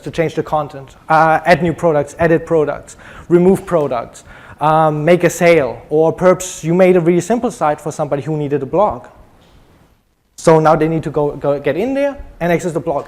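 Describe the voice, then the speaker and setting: A man's voice: a little high, darkish tone. German-accented man giving a chatty tech talk. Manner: chatty, joking, many ums. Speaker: conference speaker. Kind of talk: conference talk.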